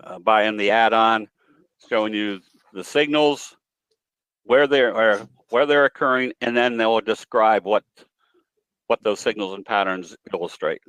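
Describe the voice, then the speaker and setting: A man's voice: on the low side, a little slow, fairly bright tone, clean tone, dry recording, poor audio. A man giving a trading webinar presentation in a folksy, storytelling way, with some hesitations. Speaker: guest presenter, trading educator.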